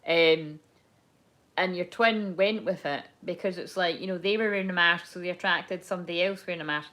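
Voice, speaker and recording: A woman's voice: fairly low pitch, fairly quick, fairly bright tone. A young adult woman giving a casual tarot reading, talking in a candid, rambling way and cursing freely. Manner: rambling, candid, swears and laughs often. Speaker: tarot card reader.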